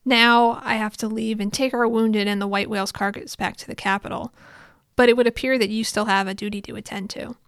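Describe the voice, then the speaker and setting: A woman voicing a stern young noblewoman commander in a formal, measured way, read in a recap. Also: fairly high pitch, fairly even intonation, fairly bright tone, smooth, no echo, clean studio sound.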